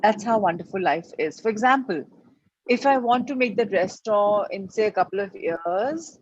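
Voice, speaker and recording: A woman's voice: medium pitch, expressive, moderate pace, a little hiss or hum. A woman giving an earnest motivational lesson, repeating and stressing her key points. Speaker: life coach teaching a class. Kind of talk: motivational teaching talk. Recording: slightly muffled lo-fi recording.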